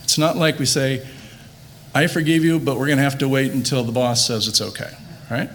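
A man delivering an earnest sermon at an ordinary middle pitch, leaning hard into the words he quotes and sometimes restarting a phrase. He later leads a soft, quiet prayer. Faint noise sits under the recording. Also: fairly quick. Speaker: pastor.

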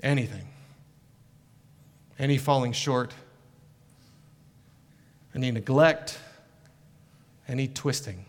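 A man's voice: medium pitch, takes it slowly, pauses often. A middle-aged male pastor preaching an earnest, emphatic sermon full of rhetorical questions. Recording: long hall reverb.

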